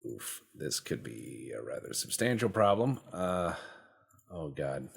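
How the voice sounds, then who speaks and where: A man with a very low, husky voice gives casual gameplay commentary. He rambles and cracks jokes, and he swears freely as he works. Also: very animated, takes it slowly. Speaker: gaming channel host.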